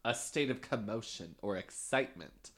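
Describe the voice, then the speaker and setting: A man's voice: fairly low pitch, lively intonation, normal speed, a bit bright. A man co-hosting a casual chat, cutting in with jokes. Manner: joking interjections. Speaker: co-host.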